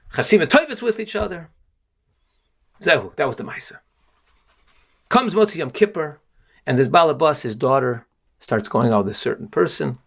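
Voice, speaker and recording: Gravelly man giving an earnest Torah lesson. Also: mid-range voice. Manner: earnest, emphatic, lively storytelling. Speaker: rabbi.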